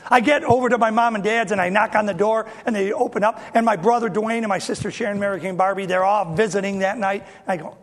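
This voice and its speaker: A middle-aged pastor preaching in a notably high voice. He tells personal stories, acts out the people in them, and swings from quiet asides into loud, fervent emphasis. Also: fairly even intonation, fast, hardly any pauses. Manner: storytelling, acts out family dialogue, bursts into loud emphasis. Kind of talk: sermon.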